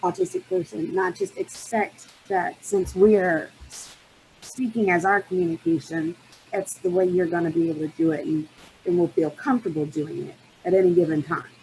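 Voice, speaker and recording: A woman hosting and moderating a web-series talk, walking through slides at a steady pace. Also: lowish voice, normal speed, slight background noise, low-quality recording. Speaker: host and moderator.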